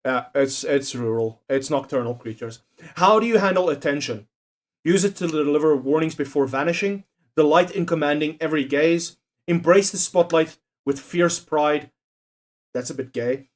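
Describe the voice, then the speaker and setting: A man's voice: fairly high pitch, normal speed. A young man chatting casually on a livestream, swearing and joking as he reads out quiz options. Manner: profane, jokey, reads quiz options aloud.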